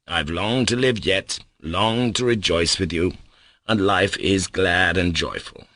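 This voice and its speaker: A man voicing a gentle, tender young man who is dying, speaking in soft, caressing words. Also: low-pitched, slow pace, dry recording, exaggerated voice. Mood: tender, joyful.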